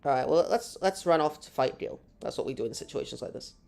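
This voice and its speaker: A woman's voice: extremely low pitch, quick pace, gravelly, darkish tone, faint music behind. A woman hosting a live gameplay stream, chatting with her audience in a rambling, self-mocking way. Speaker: gaming streamer.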